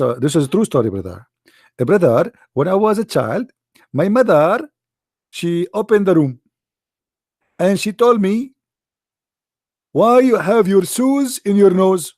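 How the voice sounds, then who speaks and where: Gravelly man with a mocking tone. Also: mid-range voice, warm tone, no echo, clean studio sound. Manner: mocking, theatrical, with mock sneezes and sung lines. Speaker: online religious commentator. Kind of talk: sarcastic monologue.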